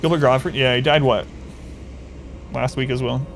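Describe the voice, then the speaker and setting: A man's voice: medium pitch, fairly even intonation, moderate pace, a little hiss or hum. A man chatting casually on a game stream, rambling through a story and answering chat.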